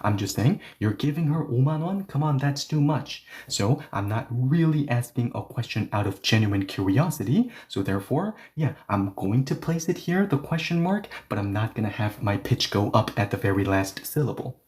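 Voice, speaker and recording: A man's voice: fairly low pitch, expressive, moderate pace, hardly any pauses. A man teaching an online language lesson, explaining step by step and often checking in with "right?".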